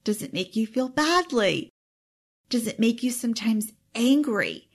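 Earnest, emotional woman coach, higher voice. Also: lively intonation, a little slow, husky. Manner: earnest and openly emotional, exclaiming. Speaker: time management coach; parent. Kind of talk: self-help teaching monologue.

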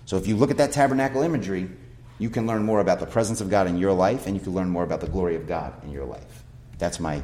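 A male pastor delivers a sermon in a fairly low voice. He preaches emphatically, putting rhetorical questions to his listeners and reading scripture aloud between points. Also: a little mellow.

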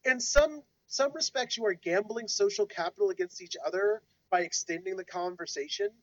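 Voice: medium pitch, moderate pace, dry recording, lo-fi sound. Earnest podcast co-host giving advice. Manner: earnest, advising. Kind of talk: casual discussion.

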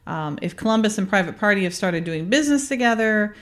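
A woman's voice: medium pitch, lively intonation, quick pace. A woman hosting a podcast, casually recapping a TV episode, chatty with frequent fillers and laughter. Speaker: podcast host.

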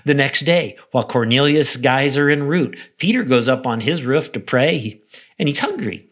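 A man preaching a devotional podcast message, telling a story with animated delivery. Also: mid-range voice, normal speed. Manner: animated storytelling, acts out quoted voices; soft, prayerful close. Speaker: pastor.

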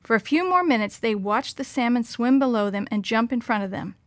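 Woman storyteller reading a children's book; higher voice, dry close sound. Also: expressive, a little fast, dry recording. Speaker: narrator.

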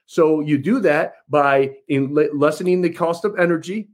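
A man's voice: a little high, moderate pace. A man giving an emphatic campaign speech, repeating his points and addressing listeners as folks. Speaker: political candidate.

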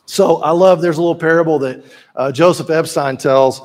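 A man delivers a sermon with a high, light voice. He preaches in a relaxed, folksy way, slipping into jokes and asides like he's chatting with the congregation. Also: normal speed. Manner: folksy, conversational preaching with joke-telling asides. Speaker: pastor.

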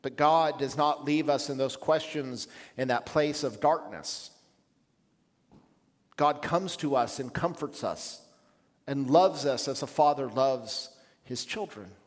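Reflective male pastor in echoing hall. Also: mid-range voice. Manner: measured, reflective preaching with pauses. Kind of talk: sermon.

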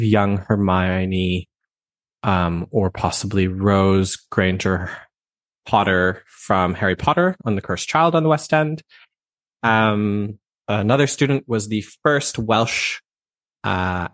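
A man from Canada, a voice teacher, talking as a guest in a conversational interview, thoughtful and expressive with many fillers. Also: fairly low pitch.

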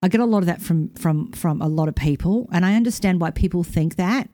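Chatty woman, low warm voice. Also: fairly quick, no echo, studio quality. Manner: chatty, animated storytelling with playful voiced quotes. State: recovering from concussion. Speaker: podcast host. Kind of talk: casual storytelling monologue.

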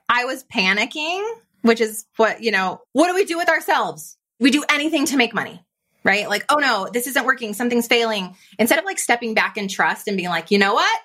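A woman guest on a podcast, a business coach, telling her story in a lively conversational way and acting out her own thoughts in quotes. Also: fairly high pitch. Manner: animated, fast-flowing, quotes her own inner voice.

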